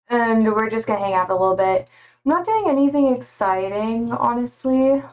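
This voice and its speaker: A young adult woman chatting casually on a live stream from home, loose and a little sweary as she greets viewers by name. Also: on the high side.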